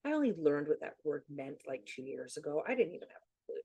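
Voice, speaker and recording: A middle-aged woman talking casually as a podcast guest, chatty and animated, laughing often. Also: sits low, quick pace, slightly rough, no echo, dull audio. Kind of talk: casual chat.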